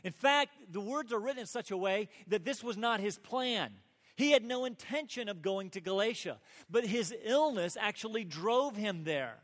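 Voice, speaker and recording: A man preaching a sermon as pastor, earnest, rising to emphatic peaks and dropping to soft asides. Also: sits high, animated, moderate pace. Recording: long hall reverb.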